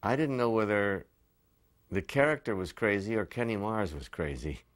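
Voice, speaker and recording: A man's voice: fairly low pitch, lively intonation, normal speed. A man, an actor, thoughtfully recalling a film costar in an interview. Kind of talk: interview recollection.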